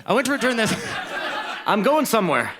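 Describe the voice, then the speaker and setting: A man from the United States performing a self-deprecating, deadpan stand-up set on a club stage. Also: high voice, a little fast. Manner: deadpan, self-deprecating, acts out others in quoted asides. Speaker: stand-up comedian. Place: comedy club stage before a laughing crowd. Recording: live club recording with audience noise.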